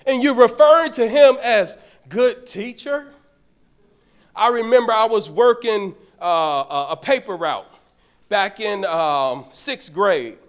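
A middle-aged man, a deacon telling stories in a sermon and building to passionate peaks. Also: high voice. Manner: bellows street-vendor calls in stories. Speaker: deacon preaching. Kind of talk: storytelling sermon.

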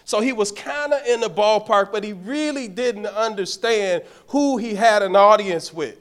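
A man's voice: high-pitched, normal speed, a bit bright. A middle-aged man, a deacon telling stories in a sermon and building to passionate peaks. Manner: bellows street-vendor calls in stories. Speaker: deacon preaching. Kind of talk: storytelling sermon.

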